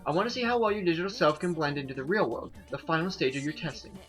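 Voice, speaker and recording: A man reading the lines of a calm, businesslike woman boss from a game in a flat, steady voice. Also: on the high side, quick pace, faint music behind. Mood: matter-of-fact. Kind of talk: reading game dialogue aloud.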